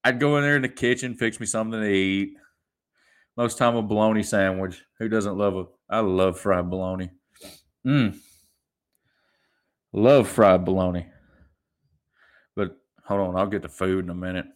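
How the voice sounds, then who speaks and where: A young man in his twenties, voice sitting a little low, rambles through stories on his solo podcast. He chuckles as he goes and keeps restarting his sentences, casual and unscripted. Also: fairly even intonation, normal speed, pauses often. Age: 20s. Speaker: podcast host.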